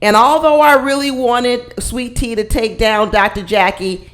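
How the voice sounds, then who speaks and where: A woman with a fairly high voice gives a casual vlog review of a reality TV show. She talks straight to her viewers in a blunt, emphatic and colloquial way. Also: unhurried, fairly bright tone.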